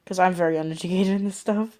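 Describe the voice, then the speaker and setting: Reaction host, woman, lower register, casual and rambling, thinks out loud. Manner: rambling, thinking aloud with many fillers.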